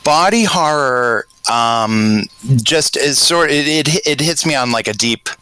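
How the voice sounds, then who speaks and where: Bright-voiced Boston man, rambling podcaster. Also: mid-range voice, takes it slowly, clean tone, dry recording, poor audio. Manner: rambling, hesitant, grows animated telling a scenario. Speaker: podcast panelist. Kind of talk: casual podcast discussion.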